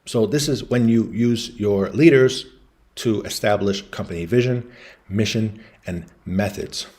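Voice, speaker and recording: A man explaining business concepts in a relaxed lecture, talking through slides and acting out quoted voices in his anecdotes. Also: fairly low pitch, unhurried. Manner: casual storytelling, acts out quoted voices.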